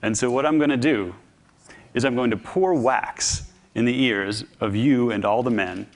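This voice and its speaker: A man's voice: medium pitch, moderate pace, lightly acted. Guy putting on a bossy reckless greek ship captain, big theatrical voice. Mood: scheming. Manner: theatrical storytelling quotes, commanding. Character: bold ancient Greek sea captain, male, reckless and commanding. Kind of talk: acted quotes within a public talk.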